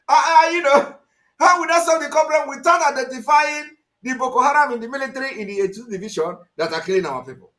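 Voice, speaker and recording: A man with a Nigerian accent giving impassioned live-stream commentary, full of rhetorical questions and sudden shouts. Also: very high-pitched, fast, reverberant, poor audio. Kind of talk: impassioned commentary over played clips.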